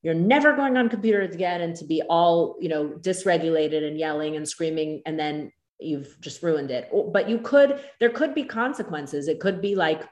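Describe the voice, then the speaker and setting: A woman's voice: sits low, moderate pace, a little mellow, echoey room. A woman co-teaching a parenting class, chatty and acting out children's lines. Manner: chatty, acts out kids' lines.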